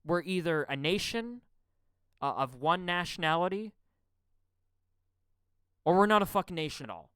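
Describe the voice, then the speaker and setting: A man from Canada hosting a podcast, ranting angrily about politics. He swears a lot, stammers and repeats words, and swings between loud outbursts and muttering. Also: high-pitched, lively intonation, normal speed, pauses often, clear, resonant tone, dry recording. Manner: profane, stammering, repeats words when heated. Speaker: podcast host. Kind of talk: angry political rant.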